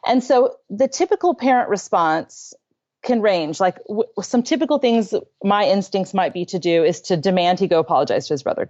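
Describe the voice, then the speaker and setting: A woman guest on a parenting interview, telling a personal story in a candid, self-deprecating and animated way from her room at home. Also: mid-range voice, normal speed, lo-fi sound. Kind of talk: conversational storytelling.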